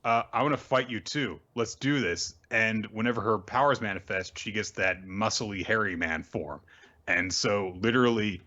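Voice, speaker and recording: A man's voice: on the low side, sharp tone, lo-fi sound. Wry, offhand man recapping manga. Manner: offhand, profane, wry, lots of fillers. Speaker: host of a manga recap show. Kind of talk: casual recap commentary.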